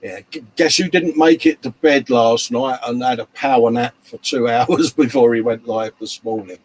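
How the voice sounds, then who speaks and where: A husky-voiced man hosts a laid-back live stream at a hobby workshop bench, reading viewer comments and chatting matily, with plenty of mate and love. Lack of sleep has left him tired. He speaks at normal speed in a mid-range voice, and the audio is poor.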